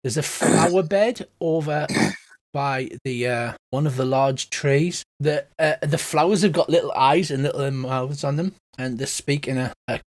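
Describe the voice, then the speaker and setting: A man's voice: fairly high pitch, unhurried. A man running a tabletop game as game master, narrating with rambling fillers.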